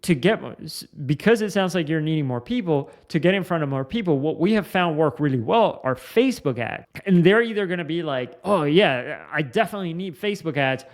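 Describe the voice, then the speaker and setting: A man with a slightly higher voice explains a communication skill in a relaxed, unscripted way. He restarts sentences often and leans on "like" as he talks through examples. It sounds like an informal coaching talk. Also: brisk, few pauses. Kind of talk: casual instructional talk to camera.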